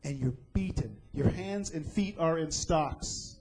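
A man's voice: a little high, takes it slowly, darkish tone, slightly rough, soft background music, poor audio. A man preaching a sermon, retelling a scripture story dramatically and asking the listeners questions.

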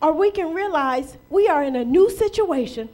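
Woman preacher, very high voice, lively sermon w/ lots of questions, bit of aave. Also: normal speed. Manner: lively preaching with rhetorical questions and playful acted quotes. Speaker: pastor.

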